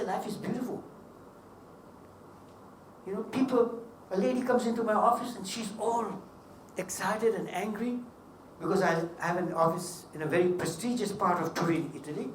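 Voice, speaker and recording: A man's voice: high-pitched, slight background noise. A man giving a seminar talk, telling humorous stories with emphatic delivery. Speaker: seminar speaker. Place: hotel seminar hall. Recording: echoey hall, mic at a distance.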